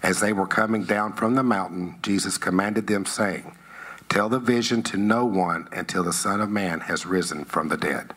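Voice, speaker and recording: Guy with a really low voice reading the bible slow and steady in church. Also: slight background noise. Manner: measured, phrase by phrase. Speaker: scripture reader. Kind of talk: scripture reading.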